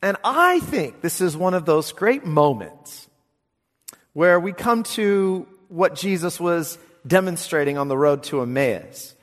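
A man preaching a sermon as pastor, animated, swinging from hushed asides to emphatic declarations. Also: on the high side, slow, long reverb tail.

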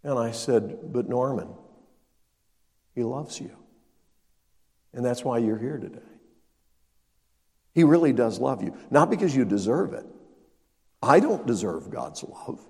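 Older male preacher, animated storytelling sermon with lively pitch, reverberant hall sound. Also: measured pace, long pauses. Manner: storytelling, acting out dialogue with emphatic rises. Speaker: pastor.

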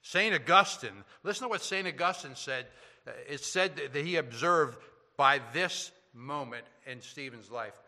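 A man preaching a sermon, swinging between loud emphasis and hushed, quiet passages. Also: on the high side, lively intonation, a little slow, big-room sound. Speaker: pastor.

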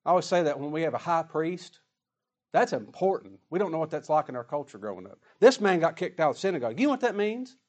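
Emphatic preacher with twang. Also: male voice, a little high, very animated, quick pace. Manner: emphatic, swings between loud and hushed. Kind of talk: sermon.

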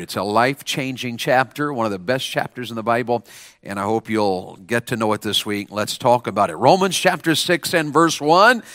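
A man's voice: medium pitch, fairly bright tone, no room sound, studio quality. A man preaching a chapel sermon. He keeps quizzing and coaxing the congregation to answer him. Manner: call-and-response, coaxing the audience to answer. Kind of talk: lively sermon to students.

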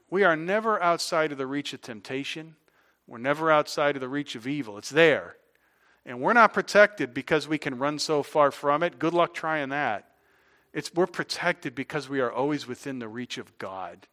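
A man preaching a sermon as pastor, conversational, asking the congregation questions and swinging from loud emphatic points to quiet low asides.

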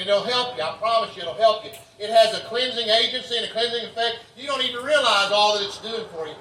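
A man's voice: sits high, quick pace, few pauses, sharp tone, echoey room, distant mic, a little hiss or hum, rough recording. A man preaching a revival sermon in a folksy, repetitive way, leading the crowd to say lines back to him. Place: revival tent.

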